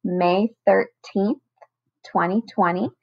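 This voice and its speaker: Woman teacher talking slow n patient to little kids, over-enunciates, kinda dull lo-fi sound. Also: mid-range voice, steady tone. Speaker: first grade teacher. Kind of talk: recorded online lesson for children.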